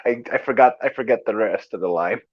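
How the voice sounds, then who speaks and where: A man's voice: on the low side, fast, dry recording. A man chatting casually, rambling and stopping and restarting as he tries to recall lines. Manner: rambling, hesitant, stops and restarts while trying to recall lines. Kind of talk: casual chat. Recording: dull lo-fi sound.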